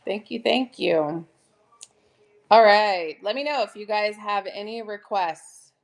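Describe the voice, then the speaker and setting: A middle-aged woman hosting a chatty live selling stream, bubbly and greeting viewers by name with excited gasps. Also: medium pitch, slow, vocal fry.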